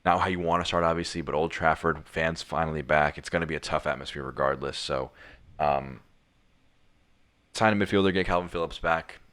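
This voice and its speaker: A man's voice: very deep voice, steady tone, a little fast, fairly bright tone. A young man co-hosting a casual football chat, rambling with lots of restarts. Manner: rambling, many restarts and fillers. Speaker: podcast co-host.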